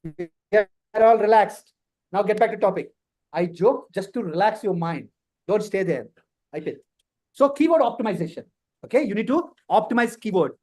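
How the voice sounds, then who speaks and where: A man's voice: high voice, animated, normal speed, darkish tone. A man with a Telugu Indian accent leads a live online career class in a playful, teasing way, slipping Telugu words into his English. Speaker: instructor leading a career workshop.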